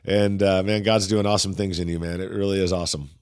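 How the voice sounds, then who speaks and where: A man hosting a podcast and coaching pastors in an energetic, conversational way, often dropping in "man" as he talks. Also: low voice, fast talker, smooth. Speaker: podcast host. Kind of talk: casual pastoral coaching talk.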